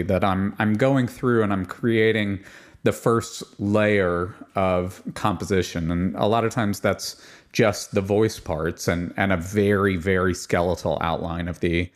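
A man, a composer, explaining his choral writing in an interview, thoughtful and explanatory. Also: sits low. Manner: demonstrates rhythms by chanting and singing them. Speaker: composer guest. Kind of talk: interview about choral music.

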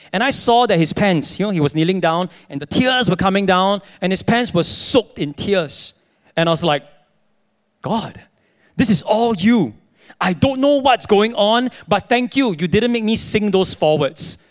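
A young adult male pastor, preaching a sermon in an animated storytelling way. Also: high voice. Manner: animated storytelling, acting out his own dialogue.

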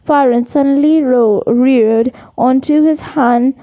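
A woman reading a novel aloud in an unhurried way, with small slips and restarts. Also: high voice, phone-quality sound. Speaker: reader.

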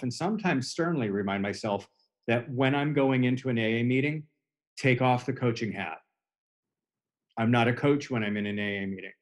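A man in his forties, a hypnotherapist and coach, explaining his work in an earnest way during a casual podcast conversation. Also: medium pitch. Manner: earnest, explanatory, builds on extended imagery.

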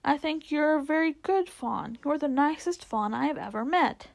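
A woman reading a storybook aloud, voicing a kind young girl who pleads and frets in a bright girlish voice. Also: high-pitched, lively intonation, moderate pace, creaky, pitched above the performer's own voice. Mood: earnest.

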